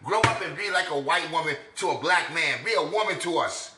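Guy ranting at clips, preachy and scornful, highish bright voice, echoey room. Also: expressive, a little fast. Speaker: commentator reacting to clips. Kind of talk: ranting video commentary.

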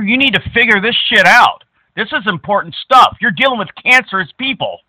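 A man making a prank phone call, crude, abusive and mocking, at times bursting into shouts. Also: sits high, expressive, normal speed, few pauses, breathy edge, no echo. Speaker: prank caller.

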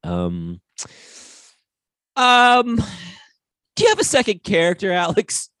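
A man co-hosting a comedy podcast, wry and quick to laugh in casual banter. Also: high voice, clear, resonant tone. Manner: animated, wry, laughs often. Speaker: podcast co-host.

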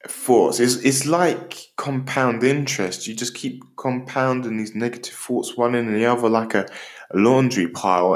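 Man from Britain, podcast host, upbeat motivational delivery, playful asides, average pitch. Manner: animated, jokey, talks straight to the listener.

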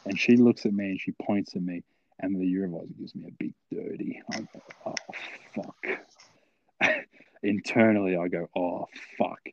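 A man's voice: sits low, wildly swooping pitch, a little fast, no echo, dull audio. A young man telling a long story, rambling and swearing, full of fillers. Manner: rambling, profane, filler-heavy. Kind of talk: casual storytelling.

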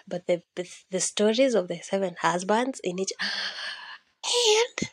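A young woman, chatting casually and excitedly about books she loved, slipping Swahili slang into her English and recording on her phone. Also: mid-range voice, a little slow, breathy edge, no room sound. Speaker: podcast host.

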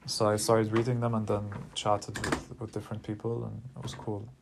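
A man's voice: fairly low pitch, completely flat delivery, moderate pace, vocal fry, background noise. A young man telling a personal story in a rambling, profane, casual way, often repeating words.

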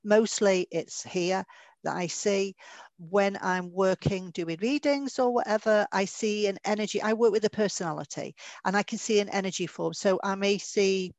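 A woman's voice: mid-range voice, moderate pace, darkish tone, no echo. A woman, a medium giving a podcast interview, who tells stories in a chatty, anecdotal way and laughs now and then. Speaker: guest medium.

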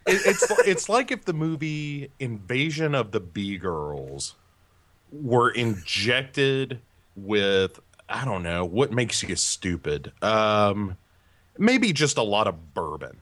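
Slow, wry low-voiced man. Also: sing-song, fairly bright tone. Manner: wry, meandering, halting. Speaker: podcast co-host. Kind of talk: casual podcast chat.

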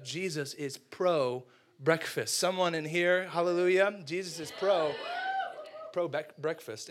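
Young man, casual preacher; lively retelling, voices the quotes, slightly higher voice. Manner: animated storyteller, acts out quotes, slangy asides. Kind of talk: casual sermon.

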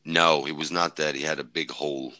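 This very deep male voice, fairly even in intonation and a little fast with a sharp edge, belongs to a native Swedish speaker from Sweden, a former fighter and medic appearing as a podcast guest. He tells a war story casually and bluntly, rambling, swearing freely and restarting often. The recording is dry and rough.

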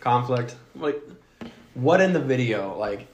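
A man's voice: medium pitch, lively intonation, unhurried, reverberant, slight background noise. A man hosting a podcast, chatting casually, joking, swearing and laughing often. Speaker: podcast host. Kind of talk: casual chat.

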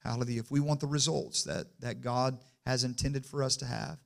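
A man preaching a sermon in church, calling for amens and building from quiet to loud and emphatic. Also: mid-range voice, steady tone, a little fast, creaky. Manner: call-and-response, asks the congregation for amens.

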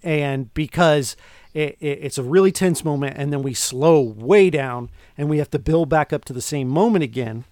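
A man co-hosting a podcast, recapping film scenes in an animated, casual way with lots of restarts. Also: a little high, normal speed, dry recording, studio quality. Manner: animated, retells scenes with quoted lines and restarts. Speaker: podcast co-host. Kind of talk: casual movie review chat.

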